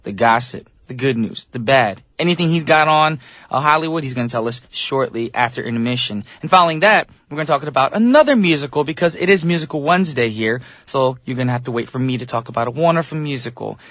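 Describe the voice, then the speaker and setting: A man's voice: medium pitch, lively intonation, quick pace, fairly bright tone, dry recording. A man hosting a radio show as DJ, talking in a casual, upbeat, chatty way with loose fillers, from a studio microphone.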